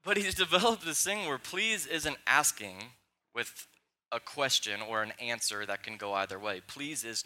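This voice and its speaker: A young man preaching a sermon in a church, conversational and warm-humored, mixing personal stories into his teaching. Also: medium pitch, lively intonation, normal speed. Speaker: pastor. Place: church sanctuary.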